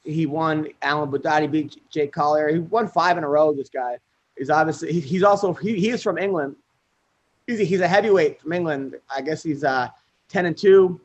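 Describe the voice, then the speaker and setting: Podcast host, somewhat high male voice, rambling rundown, dull lo-fi sound. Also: fairly quick. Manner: rambling fight rundown with fillers. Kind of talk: casual podcast chat.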